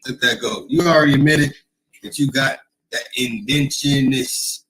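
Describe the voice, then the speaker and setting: A man's voice: medium pitch, steady tone, normal speed, a bit bright, poor audio. A man hosting a casual livestream, talking in a rambling, emphatic way, often repeating himself and reading comments from the chat. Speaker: livestream host.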